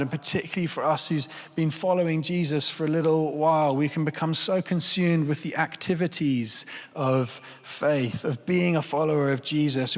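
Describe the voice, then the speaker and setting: A man in his thirties preaching a sermon in church, earnest and pleading, repeating phrases for emphasis. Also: on the high side. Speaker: pastor. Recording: long church reverb.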